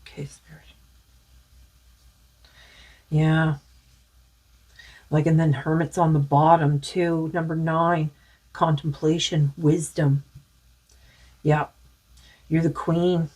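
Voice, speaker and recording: A woman with a husky, somewhat low voice talks through a spiritual card reading. She muses and rambles with lots of fillers, and her voice is starting to go. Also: little pitch movement, slow, long pauses, darkish tone. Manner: rambling, musing, many fillers. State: losing her voice. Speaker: tarot card reader.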